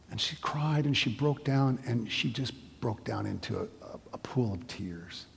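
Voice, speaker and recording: A husky, gravelly middle-aged man giving a sermon as a pastor. He tells stories in a loose, conversational way, often restarting his sentences. His voice rings out with a long reverb, as in a large hall. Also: medium pitch, expressive, normal speed. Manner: conversational storytelling with frequent restarts.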